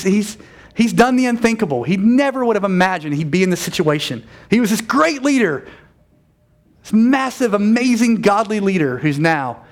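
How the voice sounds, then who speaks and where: Animated male pastor preaching a sermon. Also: high voice. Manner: animated, conversational, self-correcting with quick asides. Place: church.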